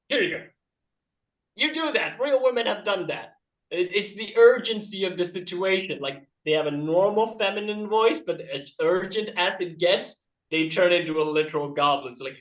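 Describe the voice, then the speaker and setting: A man's voice: sits high, brisk, reverberant, far from the mic, dull audio. A man doing a rambling stand-up comedy bit over a video call, laughing at his own jokes. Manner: rambling and self-amused, laughing at his own jokes, with jumpy shifts in loudness.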